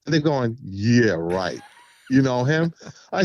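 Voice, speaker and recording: A man's voice: slow pace, highs cut off. A man guest on an interview show, chatting casually and telling stories with vivid voiced quotes. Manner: animated storyteller, acts out quotes with big pitch jumps. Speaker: guest vocalist.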